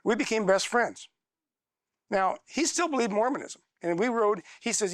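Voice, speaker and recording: A man's voice: sits high, animated, fairly quick, a bit bright, no echo, clean studio sound. A middle-aged man teaching a church class, telling stories in a folksy, chatty way and acting out both sides of the dialogue. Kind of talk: storytelling class talk.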